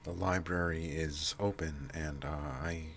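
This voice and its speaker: A man with a nasal, stuffy voice and heavy breathing, rambling casually to his channel with many pauses and restarts. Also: a bass voice, steady tone, a bit bright, a little hiss or hum. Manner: halting, many fillers and restarts. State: stuffy from allergies. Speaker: channel host.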